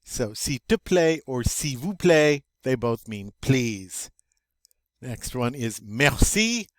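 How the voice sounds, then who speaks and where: An older man teaching a French vocabulary review, slow and patient, with wry self-deprecating asides. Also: medium pitch, very animated, no echo.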